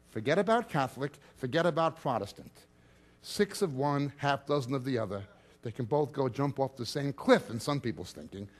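A man of medium pitch delivers an expository Bible teaching, reading scripture aloud and explaining it. His emphatic stress rises and drops sharply.

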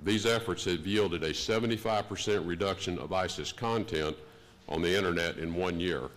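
Older male official with a Texan accent, low voice, slow formal conference keynote. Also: a bit bright. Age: 60s. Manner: measured, deliberate delivery. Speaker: diplomat giving an opening address. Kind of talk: formal prepared speech. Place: conference hall.

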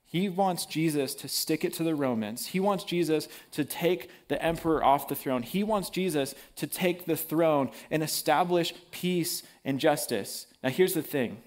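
A man preaching a sermon in a casual, animated way, using everyday slang. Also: on the high side, unhurried, few pauses.

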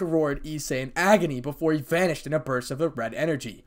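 A man's voice: medium pitch, animated, quick pace, few pauses. A man reading a fan-fiction story aloud as narrator, voicing all characters.

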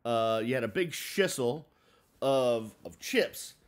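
A man's voice: mid-range voice, lively intonation, slow pace, smooth. A man in his forties from the Boston area, ranting casually to camera in a chatty, rambling way with lots of fillers and restarts. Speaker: vlogger.

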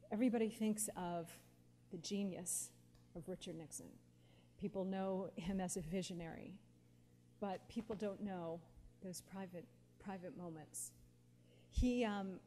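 A woman in her forties telling personal stories to an audience, lively and anecdotal, often quoting others with feeling. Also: mid-range voice. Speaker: guest speaker. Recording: long hall reverb, faint background noise.

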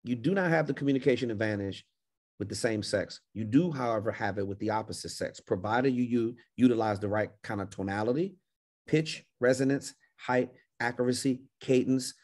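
A man's voice: medium pitch, fairly quick, darkish tone. Man, business coach, livestream Q&A, confident, emphatic, repeats himself.

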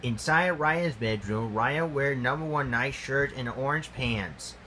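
A man reading a homemade storybook aloud, slow and halting, with grammar slips. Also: mid-range voice, bright, forceful tone, slight background noise.

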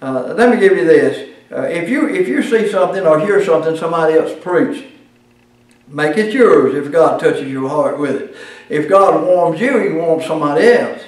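A man teaching a class on preaching, folksy and halting, with many fillers and restarts. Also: on the high side, lively intonation. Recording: very echoey room from a distance.

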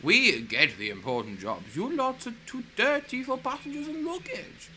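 A man's voice: extremely high pitch, animated, moderate pace, a little hiss or hum, pitched above the performer's own voice, heavily acted. A man voicing a proud, polite female passenger coach who speaks earnestly. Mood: indignant. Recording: loud music under the voice.

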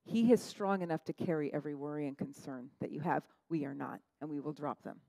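A woman pastor preaching a sermon, animated, laughing at her own asides and acting out quotes in a higher voice. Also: fairly quick, vocal fry, hardly any pauses, no echo, low-quality recording.

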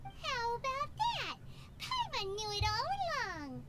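A woman voicing a tiny, chirpy fairy companion in a video game, with a bouncy, squeaky voice. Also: huge pitch swings, slow pace, very noisy, heavily acted. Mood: smug. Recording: game audio under loud music.

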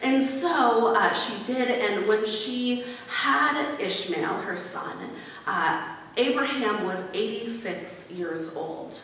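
A woman pastor giving a conversational sermon, pausing often with fillers. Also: on the high side, fairly bright tone, slight background noise. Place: church sanctuary. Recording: echoey hall, far from mic.

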